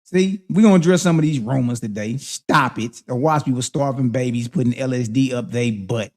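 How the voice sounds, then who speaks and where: A man's voice: medium pitch, normal speed, a little mellow. A man hosting a livestream, preaching and confronting his critics in heated, slang-heavy commentary. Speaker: livestream host.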